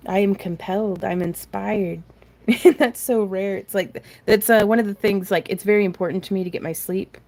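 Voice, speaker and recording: At a normal speed and medium pitch, with a slightly mellow quality, this craft tutorial host runs a live crafting stream from her craft room. Her chat is rambling and self-deprecating, full of laughter, and she reads viewer comments out loud.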